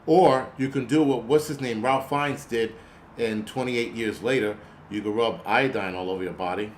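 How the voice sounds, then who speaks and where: Male host, casual profane rant, animated and laughing, mid-range voice, faint noise behind. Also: mid-range voice, normal speed. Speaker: channel host.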